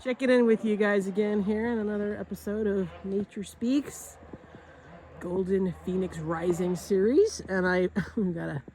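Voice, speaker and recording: A woman's voice: mid-range voice, a little slow, dark tone, poor audio. A woman chatting casually while walking outdoors, bubbly and laughing often, with many fillers and restarts. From Northern California. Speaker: vlogger. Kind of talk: walking nature vlog. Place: outdoors, rural property. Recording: faint outdoor background noise.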